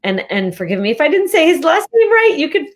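A woman's voice: high-pitched, sing-song, fast. Woman host, sympathetic, exclaims a lot between questions. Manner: empathetic, lots of exclamations. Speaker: interview host. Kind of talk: casual interview.

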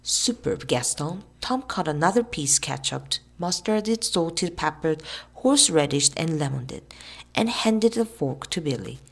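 A woman reading a children's novel aloud in an expressive, lively way. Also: low-pitched, measured pace, vocal fry. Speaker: storybook reader.

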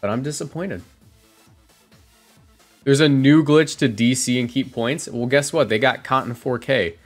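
A man of middle pitch talks through his competitive games from a home streaming setup, chatty and quick to react. He corrects himself as he goes, and faint music plays in the background. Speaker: competitive game commentator. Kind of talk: casual gameplay commentary.

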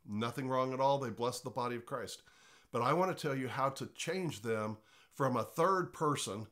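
A man in the middle of the usual pitch range gives an informal teaching, his voice a little congested. He talks conversationally and earnestly, restarting words as he goes. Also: fairly bright tone. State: slightly congested voice. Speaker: pastor teaching on worship.

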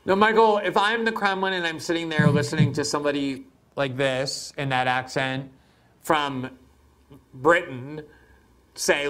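A man hosts a political interview, his voice sitting a little high for a man. He talks with a wry, incredulous edge and winds up slowly before each long question. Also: fairly bright tone. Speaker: host.

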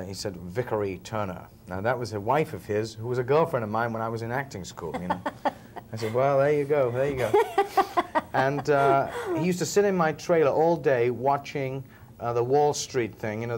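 This Liverpool, England film actor sounds a little mellow, at medium pitch and moderate pace, with a little hiss or hum. Chatting in a relaxed interview, he tells stories and chuckles now and again.

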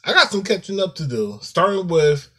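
A man vlogging to his viewers in a casual, halting and apologetic way, calling them "y'all". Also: high-pitched, very animated, pushed and bright, slightly rough. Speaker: YouTuber. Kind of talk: casual talk to camera.

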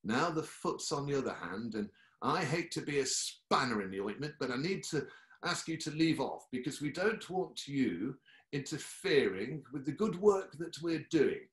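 A man's voice: medium pitch, big pitch swings, moderate pace, close to an everyday voice. Detective Inspector Ray, a man doing a pompous, dim British copper. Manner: pompous, officious, garbles idioms. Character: pompous, clueless male police detective inspector. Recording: echoey room.

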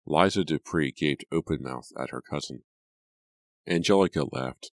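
A man reading a novel aloud as audiobook narrator, measured and deliberate. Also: a bass voice, steady tone, gravelly, no echo. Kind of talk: scripted narration.

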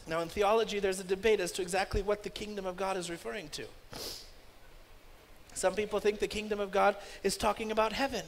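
A man pastor preaching a sermon emphatically, with loud stresses that drop into hushed asides. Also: high-pitched, slight background noise. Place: church sanctuary. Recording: long church-hall reverb.

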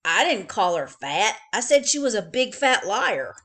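A woman voicing a blunt older brother bunny in a loud, scolding tone. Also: mid-range voice, very animated, unhurried.

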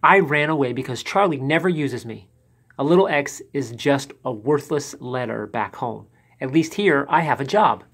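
A man's voice: medium pitch, lively intonation, moderate pace, husky. A man voicing little X, a small lonely letter in a storybook, earnest and wistful. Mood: glum.

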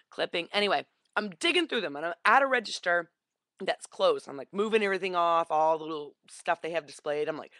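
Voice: mid-range voice, sharp tone, no echo. A vlogger telling a story casually into a webcam, acting out the voices of the people in it.

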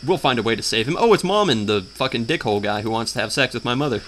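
A man's voice: medium pitch, lively intonation, quick pace, fairly bright tone, slight background noise. A man giving crude, mocking commentary while playing a video game, humming the theme and trying out funny voices. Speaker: let's player. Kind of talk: casual gameplay commentary.

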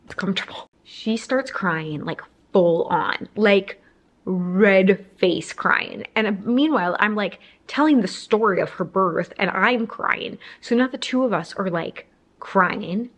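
A woman's voice: medium pitch, takes it slowly. A young woman telling a casual storytime to camera, rambling with lots of fillers. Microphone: camera framing, talking to camera.

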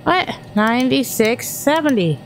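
A woman's voice: a little high, animated, unhurried, background noise. A woman from Texas, chatting through a horror game as she plays, thinking aloud and startling easily. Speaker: gaming streamer. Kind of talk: horror game let's-play commentary.

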